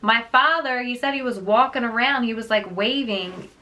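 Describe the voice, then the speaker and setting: A woman book vlogger telling a story in a casual, animated way, laughing often. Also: on the high side, moderate pace. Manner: chatty, animated, laughs often, many fillers.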